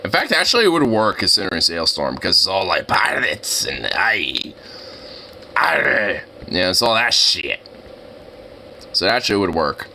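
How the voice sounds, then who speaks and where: A livestreamer chatting casually on a live reaction stream, voice turning hoarse and raspy, excitable and swearing, squealing high when gushing. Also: moderate pace, slight background noise, poor audio.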